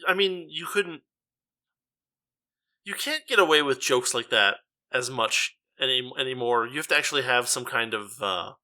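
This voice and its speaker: A man's voice: medium pitch, moderate pace, bright, forceful tone. A man co-hosting a podcast in casual chat, who stammers over repeated words before landing a dry remark. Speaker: podcast co-host.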